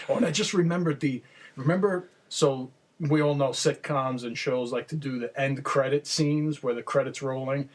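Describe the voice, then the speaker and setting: A man's voice: mid-range voice, fairly even intonation, measured pace. A man co-hosting a podcast in casual chat, an enthusiastic storyteller who chuckles often. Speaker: podcast co-host. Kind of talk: casual podcast chat reminiscing about a show.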